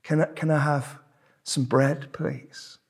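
A man voicing a small child who pleads softly with a parent for food. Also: on the high side, steady tone, slow, vocal fry, slightly rough, exaggerated voice. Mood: pleading.

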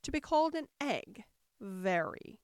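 Picture a haughty, easily offended egg of a man perched on his wall, as a woman reader puts him on, drawing out every word with lofty scorn. His voice rises and falls in big swoops of self-importance, and it sits dry and close with no room around it. It is a storybook voice, loud with pride. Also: a little high, very animated, smooth, no echo. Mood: huffy. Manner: haughty, slow and emphatic, scornful. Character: pompous touchy male egg creature perched on a wall. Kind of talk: storybook reading.

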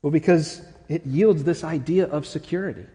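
A man preaching a sermon as pastor, earnest, swinging from loud to hushed. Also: a little high, normal speed. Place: church sanctuary. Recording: long reverb of a church hall.

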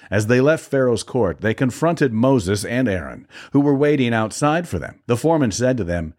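A male scripture reader narrating a Bible passage for a podcast with a lively, rising and falling pitch. His delivery is steady and clear, and he shades the quoted speakers lightly. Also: normal speed, hardly any pauses.

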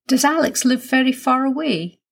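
A woman's voice: high-pitched, lively intonation, moderate pace, creaky, voice pushed up, heavily acted. A woman voicing an eager, shy little boy in a children's storybook. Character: small shy excited young boy.

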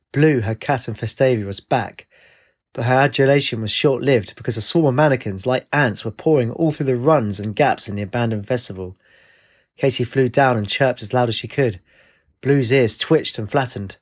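A man narrating a fantasy story with a measured, expressive reading. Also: mid-range voice.

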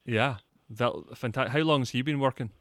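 A man with an Australian accent hosting a podcast, asking quick, friendly questions in casual chat. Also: medium pitch, dry recording, clean studio sound. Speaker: podcast host.

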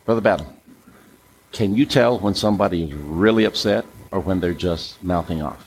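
A preacher delivers a sermon in a church, coaxing the congregation to join in. His voice sits low, and he sounds animated. A faint hum runs behind him. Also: normal speed, poor audio. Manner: animated, coaxes the audience.

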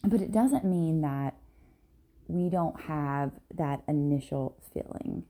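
Low, gravelly-voiced woman podcaster. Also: slow pace, dark tone. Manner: candid, rambling, many ums and "right?" tags. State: tired, yawning early in the morning. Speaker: podcast host and business coach. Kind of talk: casual solo podcast monologue.

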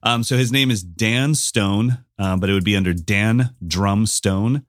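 A man co-hosting a casual podcast, telling stories with animated quoted voices. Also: lowish voice, a little slow, no room sound, studio quality. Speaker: podcast co-host and drum teacher.

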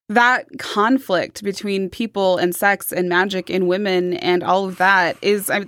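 A woman's voice: medium pitch, a bit bright, no room sound, clean studio sound. A young woman co-hosting a podcast in casual chat, emphatic and profane, talking in bursts with fillers. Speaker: podcast co-host.

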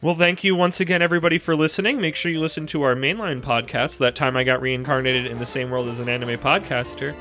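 A man's voice: mid-range voice, steady tone, fast talker, hardly any pauses, pushed and bright, soft background music. A man co-hosting a podcast, chatting casually and rambling in a jokey, easygoing way. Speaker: podcast co-host. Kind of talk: casual chat.

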